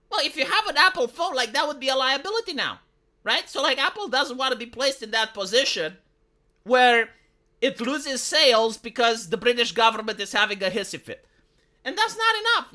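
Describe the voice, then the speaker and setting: A woman's voice: a little high, sharp tone. A woman with a Romanian accent ranting sarcastically and profanely as a live streamer commenting on the news. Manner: sarcastic, profane, mocking quoted voices.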